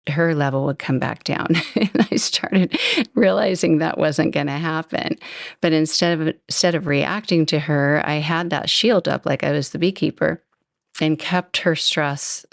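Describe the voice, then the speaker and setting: A woman's voice: sits low, dry recording, clean studio sound. A woman hosting a podcast, telling a personal story in a chatty, self-deprecating way. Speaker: podcast host. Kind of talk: storytelling monologue.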